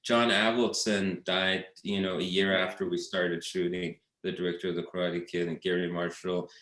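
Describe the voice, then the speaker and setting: A man's voice: deep voice, level tone, moderate pace, a bit bright. A man being interviewed as a guest, telling stories casually with many fillers and restarts. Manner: rambling storytelling with many fillers. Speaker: documentary director, guest. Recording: roomy echo.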